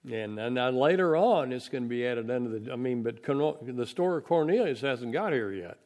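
A man's voice: mid-range voice, lively intonation, moderate pace, darkish tone. A man preaching a conversational Bible lesson, folksy and plain-spoken, acting out quoted voices as he goes. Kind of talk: sermon.

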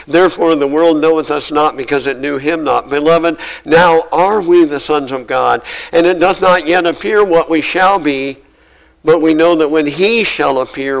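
Male pastor, gravelly mid-pitched voice, earnest sermon delivery with scripture readings. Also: poor audio. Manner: earnest preaching, reads scripture aloud, rises to emphatic lists. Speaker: preacher.

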